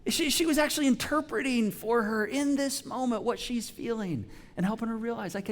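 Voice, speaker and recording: A man in his forties, a pastor giving a casual, story-driven sermon that sinks to soft, hushed tones at tender points. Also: very high-pitched, brisk, hardly any pauses. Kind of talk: conversational sermon.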